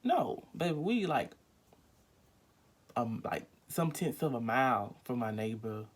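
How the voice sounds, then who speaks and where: A man's voice: medium pitch, animated, takes it slowly. A young man telling a rambling, emphatic storytime vlog at home, full of fillers and acted-out quotes. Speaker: vlogger.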